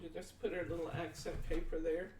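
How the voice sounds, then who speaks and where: A man's voice: a little high, little pitch movement, fairly quick, darkish tone. Chatty man demoing crafts in an echoey room. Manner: chatty, folksy, answers viewer comments aloud; talks through measurements step by step. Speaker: craft show host. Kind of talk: live-stream crafting demonstration. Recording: echoey room, distant mic, faint noise.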